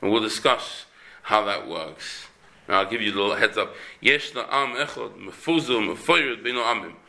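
A man gives a Torah class, his voice bright and forceful. He teaches with emphasis, often jumping up in pitch to drive a point home. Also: normal speed. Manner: animated, emphatic, with sudden rises in pitch.

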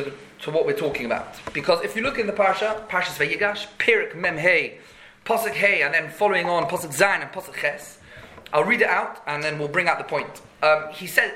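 A man's voice: high voice, pushed and bright, reverberant. A man, giving a Torah class in an emphatic, conversational way, full of rhetorical questions. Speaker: Torah teacher.

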